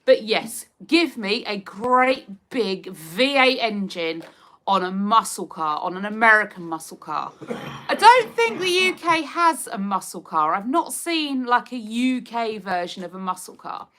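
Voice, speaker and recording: A woman from Hertfordshire, England, chats casually on her live stream, giggling as she reads comments from viewers in a Hertfordshire accent. Her medium-pitched voice is sing-song, a little slow and fairly bright, with slight background noise.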